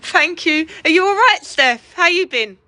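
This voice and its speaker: Bright, chatty woman. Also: very high voice, expressive, a little slow, dry recording. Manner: chatty, laughs often, swears casually. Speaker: livestreamer. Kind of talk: casual chat with live viewers.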